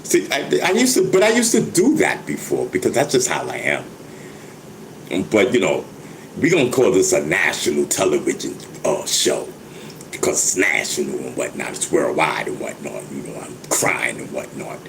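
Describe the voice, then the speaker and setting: A man's voice: very deep voice, huge pitch swings, normal speed, gravelly, slight background noise, low-quality recording. Stammering older New man. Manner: stammering, repeats words, laughs often. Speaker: vlogger, rapper. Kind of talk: casual livestream monologue.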